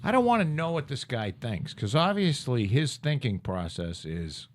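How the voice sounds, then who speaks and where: A man's voice: medium pitch, normal speed, few pauses. Foul-mouthed guy ranting on a podcast, voice jumping up and down a lot. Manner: profane, ranting, animated. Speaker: podcast co-host. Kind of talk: crude political banter.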